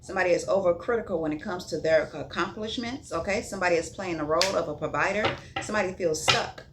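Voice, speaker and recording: A woman's voice: on the low side, quick pace, very noisy. A woman giving a casual tarot reading, blunt and profane, drifting into sing-song asides between card readings. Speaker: tarot reader.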